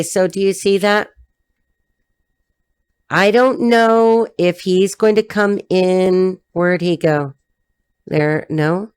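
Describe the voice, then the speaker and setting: A woman's voice: sits low, darkish tone, no echo. A woman from Southern California with a Southern Californian accent, giving a casual tarot reading in a blunt, profane, chatty way. She laughs often and acts out the characters in the cards. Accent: Southern Californian American. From Los Angeles, Southern California. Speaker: tarot reader.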